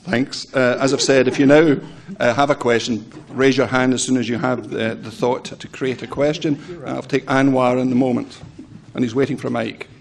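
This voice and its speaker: A man's voice: medium pitch, steady tone, normal speed, gravelly, few pauses. Dry, polite male moderator. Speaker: press conference moderator. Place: press conference room.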